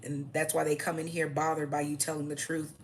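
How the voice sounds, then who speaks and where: A woman's voice: sits low, flat delivery, brisk, a little hiss or hum. A young adult woman ranting to camera in a blunt, mocking, profane way, often tagging her points with "okay?". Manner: repeats "okay?" as a tag. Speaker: vlogger.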